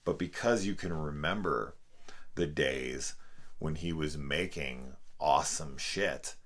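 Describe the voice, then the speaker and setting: A man's voice: extremely low pitch, slow pace, a bit bright. A man reviewing a film in a casual, profane, exasperated rant. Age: adult parent. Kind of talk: casual spoken movie review.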